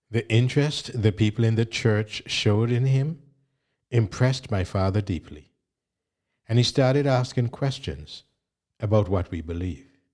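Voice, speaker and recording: Slow, low, mellow male reader. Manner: slow, measured, even reading. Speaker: audiobook reader. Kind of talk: scripted memoir narration.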